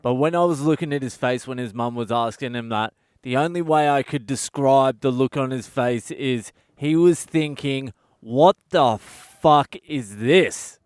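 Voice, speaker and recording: A man's voice: medium pitch, smooth, no echo, studio quality. An Australian man hosting a comedy podcast, telling stories in a blunt, sweary, exasperated rant from a budget hotel room.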